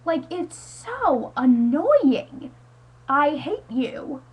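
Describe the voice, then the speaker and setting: She speaks very slowly but with lots of animation, her voice high-pitched and the sound lo-fi. A teenage high school student vlogging from home, she rants at her webcam, rambling, exasperated, and saying "like" constantly.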